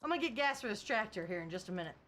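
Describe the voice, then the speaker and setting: A woman's voice: mid-range voice, animated, very fast, a bit bright, a little hiss or hum. A young woman chatting casually on a livestream, laughing often and reading chat aloud. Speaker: streamer.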